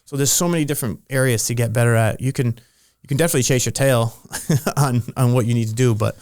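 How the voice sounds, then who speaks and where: A man's voice: mid-range voice, fast, no echo. A middle-aged man who coaches strength and conditioning, telling stories in a loose, rambling way full of restarts. His voice sits in an ordinary male range. The recording is dry and close. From Rhode Island. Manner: rambling, restarts often, animated storytelling. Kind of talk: casual podcast interview.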